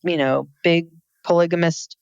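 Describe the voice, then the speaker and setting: A woman's voice: on the low side, steady tone, normal speed, creaky, a little mellow, smooth, dry recording, highs cut off. A woman co-hosting a podcast, recapping a reality show in casual chat with a wry, sardonic manner. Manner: wry, sardonic, narrates scenes. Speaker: podcast co-host.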